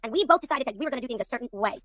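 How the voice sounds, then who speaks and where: A woman arguing heatedly on a livestream, talking fast, cursing and cutting in over the others. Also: fairly high pitch, expressive, a bit bright, no room sound, faint music behind. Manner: rapid, profane, indignant, talks over others. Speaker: livestream panel guest.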